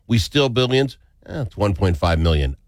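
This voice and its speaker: A man hosts talk radio, his pitch leaping all over as he riles himself up with jokey indignation. His voice is dry and close, with no room around it. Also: very animated, normal speed, dry recording. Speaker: radio talk show host. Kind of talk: casual opinionated talk radio.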